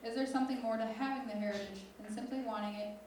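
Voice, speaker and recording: A teenage girl recites a spoken word poem with slow, deliberate intensity, her voice a touch high. She is heard from a distance in a big echoing hall, with faint room noise behind her. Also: steady tone, darkish tone. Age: teens. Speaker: student poet. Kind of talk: spoken word poetry reading. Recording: echoey hall from far off.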